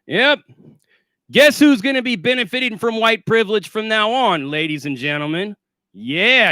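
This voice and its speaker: Male streamer, sarcastic and foul-mouthed; bright, clear voice, dry close sound. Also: high voice, no echo. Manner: profane, sarcastic and boastful. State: shaky and winded after a workout. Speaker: livestream host. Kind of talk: casual livestream rant.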